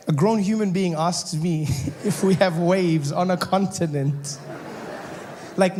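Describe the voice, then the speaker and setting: A man with a South African accent doing stand-up, telling a story in an animated, incredulous way and acting out the people in it. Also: sits high, a little slow, slight background noise. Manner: animated, incredulous, acts out the characters. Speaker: stand-up comedian.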